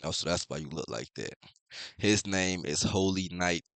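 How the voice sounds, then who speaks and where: Dude with a low forceful voice riffing on a comic, cussing, super dry sound. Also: male voice, vocal fry, no room sound. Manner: offhand, profane, talks straight to viewers. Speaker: comic reviewer. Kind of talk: casual reading and commentary.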